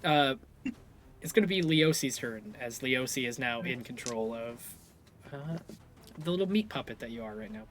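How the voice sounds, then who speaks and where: A man narrating as game master, livening up his storytelling and correcting himself on the fly. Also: medium pitch. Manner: animated, quick self-corrections.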